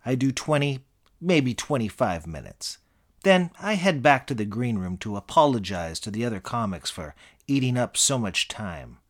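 A middle-aged man giving scripted comedic narration in a deadpan, self-aggrandizing manner. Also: mid-range voice, moderate pace.

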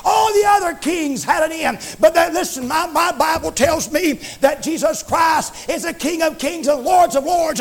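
A man's voice: very high voice, unhurried, hardly any pauses, soft background music, a faint crowd. A male preacher delivering a fervent sermon in a church, breaking into frequent praise interjections.

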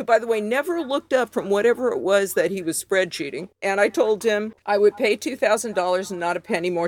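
A woman telling a comic personal story in an animated, wry, self-mocking way. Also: medium pitch. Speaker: guest storyteller.

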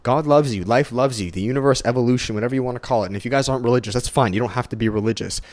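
Young guy, solo podcast rant, middle pitch, dry close mic, swears a lot and trips over his words. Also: rapid-fire, no echo. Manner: casual, heavy swearing, repeats and restarts, animated swings in pitch. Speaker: podcast host. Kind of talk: solo motivational podcast monologue.

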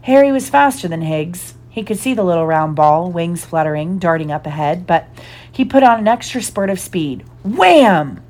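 A woman giving a lively, expressive storybook narration. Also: on the low side, moderate pace. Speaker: audiobook reader.

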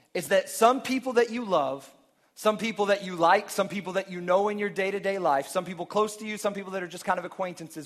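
A man's voice: high-pitched, a bit bright, in a large hall. A man preaching a sermon in a casual, conversational way, often repeating words as he presses a point. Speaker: pastor.

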